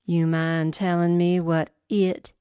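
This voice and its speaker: A woman playing a slow, suspicious wife. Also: lowish voice, level tone, mellow, clear, resonant tone, dry recording, clean studio sound. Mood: wary. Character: suspicious wife snooping on her husband.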